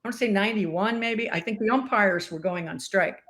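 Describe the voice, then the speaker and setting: Older woman, interview guest, lively storyteller, acts out quotes. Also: mid-range voice, fairly quick. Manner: animated storyteller acting out quoted dialogue. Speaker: interview guest, former sportscaster and umpire.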